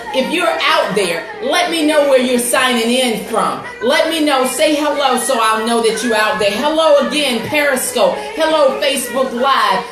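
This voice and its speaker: A woman's voice: high-pitched, echoey room. Upbeat woman hosting a live stream. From United States. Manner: upbeat, greets viewers by name. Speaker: host and life coach. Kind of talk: live-streamed talk show. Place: home setup with computer.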